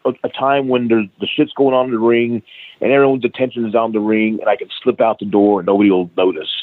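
A man's voice: fairly low pitch, quick pace, no room sound. A middle-aged man, a guest on an interview show, telling a story in a casual, profane way and acting out the quoted dialogue. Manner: profane, animated anecdote with acted-out quoted dialogue. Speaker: guest, wrestling trainer. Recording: tinny phone-like line.

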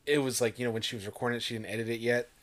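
A young man co-hosting a podcast, speaking hesitantly and softly with fillers. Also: medium pitch, fairly even intonation, racing. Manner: hesitant, soft-spoken with fillers. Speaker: podcast co-host. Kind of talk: casual chat.

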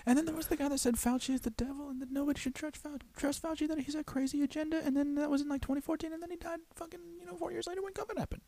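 Mellow young man, deadpan. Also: extremely high pitch, very fast, hardly any pauses, no echo. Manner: deadpan storytelling, swearing. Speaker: podcast co-host. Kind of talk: casual chat.

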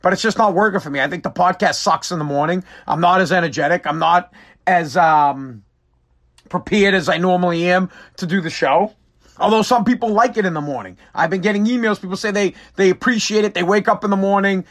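Hosting his own podcast, a weary man delivers a casual solo rant that's profane, exasperated, and rambling. He talks fairly quickly in a high voice with a fairly bright tone.

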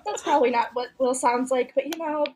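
High breathy giggly woman guest. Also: a little fast, a little mellow. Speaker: podcast guest. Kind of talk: casual chat.

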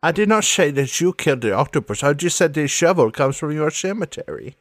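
A man's voice: on the high side, animated, fairly quick, no room sound, clean studio sound, pitched above the performer's own voice, close to an everyday voice. A man voicing a flirty female thief in a comedic tabletop role-play, with a teasing sing-song manner.

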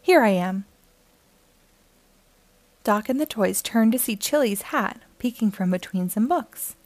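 A woman's voice: fairly high pitch, normal speed, no room sound. Woman reading a children's storybook. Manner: clear, steady storytelling. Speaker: storybook reader. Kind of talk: children's read-aloud narration.

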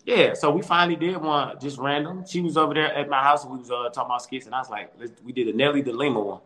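A quick, bright-voiced man tells stories from home over a call. He is animated and laughs often, and he tumbles through quick restarts in loose interview chat. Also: mid-range voice. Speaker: comedian guest. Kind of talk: casual storytelling interview.

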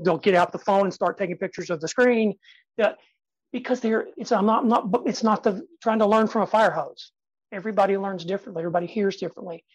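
Man, 50s, podcast guest, emphatic and lively, leans on pauses and quiet drops; dry close sound. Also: high voice, breathy edge, dry recording, dull audio. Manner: energetic, emphatic, uses dramatic pauses and soft drops. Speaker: guest speaker and sales trainer. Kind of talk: podcast interview.

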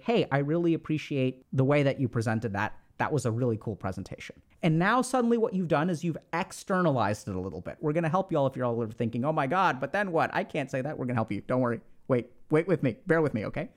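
A man talking through advice on a podcast, his voice sitting a little high and swinging widely in pitch. He acts out little quoted exchanges and drops casual slang as he goes. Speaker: podcast host giving advice.

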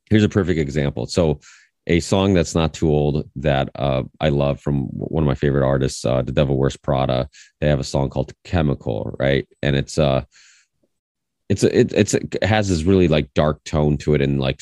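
A man in his thirties hosting a podcast, telling a story in a rambling, animated way full of restarts. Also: rumbling low, normal speed, no room sound, clean studio sound. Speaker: podcast host. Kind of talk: casual conversation.

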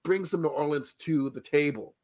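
A man's voice: fairly high pitch, normal speed. A man co-hosting a podcast, chatting casually and jokingly complaining about a movie. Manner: animated, joking, complains with laughs. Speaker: podcast co-host. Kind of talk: casual chat, film review.

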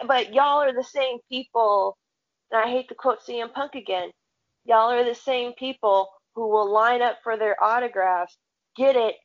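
Woman co-host, casual podcast chat, blunt and profane storyteller, dull lo-fi audio. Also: fairly high pitch. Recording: dull lo-fi sound.

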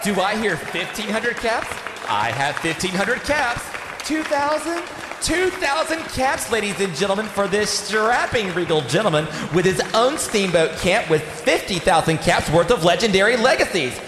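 A flamboyant auctioneer and emcee, played by a man in an audio drama, pitched high with a wildly lively delivery. He hypes the crowd theatrically. The voice carries a long hall reverb over faint noise. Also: normal speed. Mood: hyping. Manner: showy, theatrical announcing.

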